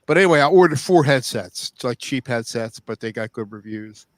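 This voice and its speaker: Rambling man with a lively voice. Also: medium pitch, a little fast, no room sound. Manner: rambling, stop-and-start talk. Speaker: guest, hobby musician. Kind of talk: casual chat.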